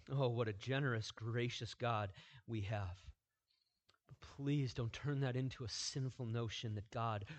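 Male pastor, slow deliberate sermon delivery, quiet-to-loud emphatic swings. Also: medium pitch.

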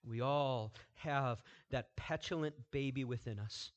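A man preaching a sermon, moving from quiet, measured lines to loud, emphatic repetition. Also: medium pitch, highs cut off. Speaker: pastor.

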